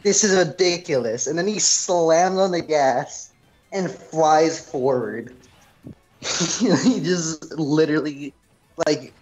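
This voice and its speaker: A man's voice: a little high, slow, darkish tone, soft background music, rough recording. Rambling young man telling a story. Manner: rambling storyteller, leans on "freaking". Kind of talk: casual chat.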